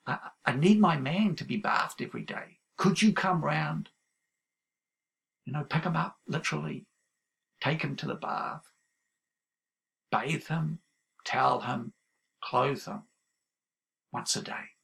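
A man's voice: fairly high pitch, slow pace, gravelly, long pauses, fairly bright tone, husky, exaggerated voice. A man voicing a practical mother who asks plainly for help, matter-of-fact in tone.

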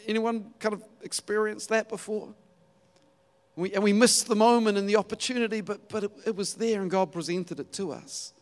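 A man preaching a sermon, telling the story in a lively way and acting out the quotes. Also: sits high, normal speed. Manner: animated storytelling with acted-out quotes and laughs.

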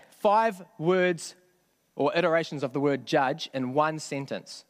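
A man's voice: on the high side, slow pace, pauses often. A man preaching a sermon in a conversational way, often asking the congregation questions. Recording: long hall reverb.

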